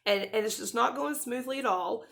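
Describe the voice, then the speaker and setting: A woman in her thirties talking to her camera in a casual, rambling way, with many restarts and soft laughs, close to tears. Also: on the high side, normal speed, gravelly. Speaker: vlogger.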